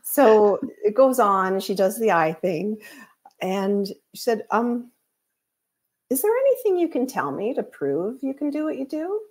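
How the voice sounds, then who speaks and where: A woman's voice: fairly high pitch, very animated, measured pace, darkish tone. A woman, a psychic medium guest, chatting casually and telling stories with acted-out quotes. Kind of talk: casual storytelling chat.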